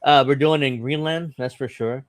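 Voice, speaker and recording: A man hosting a casual political podcast, reading articles aloud and stopping often for fillers and offhand comments. His voice sits at an ordinary middle pitch. The sound is dry and close, with no room around it. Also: fairly even intonation, dry recording. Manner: reads articles haltingly with fillers and asides. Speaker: podcast host.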